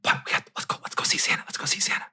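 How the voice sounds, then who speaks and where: A man voicing an excited mother who whispers urgently to wake her young child in the night. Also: very fast.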